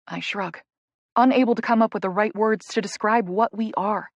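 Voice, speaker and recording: A woman's voice: medium pitch, normal speed, no room sound. A woman narrating a first-person audiobook in an intimate, emotional inner-monologue manner.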